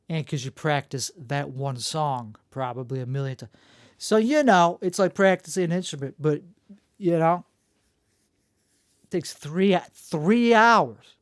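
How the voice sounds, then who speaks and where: Gravelly man rambling alone. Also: fairly high pitch, no room sound, clean studio sound. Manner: self-mocking and jokey, full of restarts. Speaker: podcast host. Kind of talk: rambling solo monologue.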